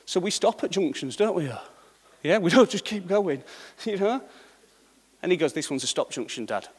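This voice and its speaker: A man's voice: high-pitched, lively intonation, moderate pace, husky, long reverb tail. A middle-aged man preaching a sermon in a conversational way, often checking in with the congregation. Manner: conversational, checks in with repeated "yeah?".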